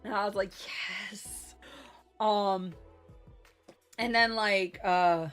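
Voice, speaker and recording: A woman game master recapping a tabletop game session in a casual, chatty way, with lots of "like" and "um". She gushes over the players' moves in a mid-pitched voice, with faint music behind. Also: fairly even intonation, slow pace, fairly bright tone, clean tone. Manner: chatty, filler-heavy with frequent "like" and "um"; gushing.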